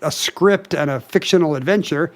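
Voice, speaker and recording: A man's voice: fairly high pitch, moderate pace. A man co-hosting a podcast in casual chat, joking and explaining at length. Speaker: podcast co-host.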